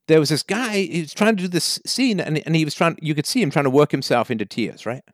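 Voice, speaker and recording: A man's voice: fairly high pitch, fast talker, dry recording, studio quality. A man hosting a call-in show, giving advice and telling stories while acting out the quoted voices. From Canada. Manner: animated storyteller, acts out quoted voices. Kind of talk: advice talk to a caller.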